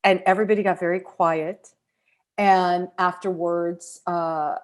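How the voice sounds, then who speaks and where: Middle-aged American woman, low voice, podcast host, heartfelt personal storyteller. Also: fairly even intonation. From United States. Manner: warm, reflective, emotional storytelling with pauses.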